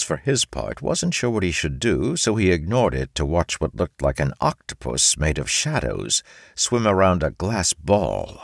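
A man narrating a fantasy audiobook in a steady storytelling manner. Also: a bass voice, gravelly, dry recording, studio quality.

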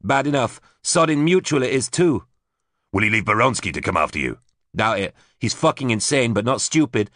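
A man voicing a tough, foul-mouthed young woman who speaks defiantly and forcefully in an audiobook. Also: mid-range voice, very animated, normal speed, dry recording, studio quality, pitched above the performer's own voice. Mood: grim. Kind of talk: audiobook character voice.

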